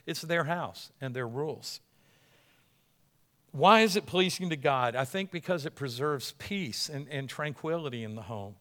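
A man pastor preaching a sermon in a church, animated and emphatic, often repeating himself and restarting phrases. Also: medium pitch.

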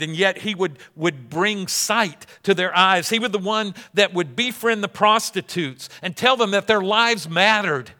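Bright-voiced male preacher in a reverberant hall. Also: high-pitched. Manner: dramatic preaching, swings from loud to hushed. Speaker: pastor. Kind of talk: sermon.

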